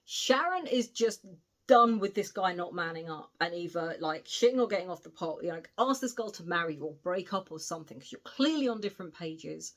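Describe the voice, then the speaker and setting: A woman's voice: lowish voice, fairly quick. Chatty British woman recapping a novel. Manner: chatty, animated retelling with cheeky asides and swearing. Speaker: book reviewer. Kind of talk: casual spoiler recap of a novel.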